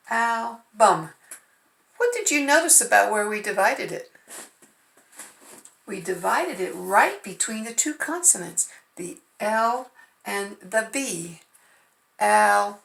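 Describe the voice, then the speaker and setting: A woman's voice: fairly high pitch, gravelly, pushed and bright. A woman teaching first graders phonics, patiently sounding out letters and syllables. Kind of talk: remote phonics lesson. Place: home. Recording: echoey room.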